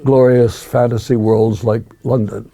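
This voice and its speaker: Gravelly older man reminiscing. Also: medium pitch, flat delivery, a little slow, mellow. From United States. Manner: reflective, musing, with frequent restarts. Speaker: guest. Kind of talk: reminiscing interview talk.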